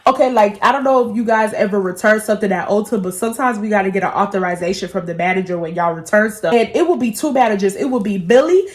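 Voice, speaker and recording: A woman in her twenties telling a storytime vlog, animated and full of profanity as she gossips. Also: medium pitch, fast, few pauses. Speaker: beauty vlogger.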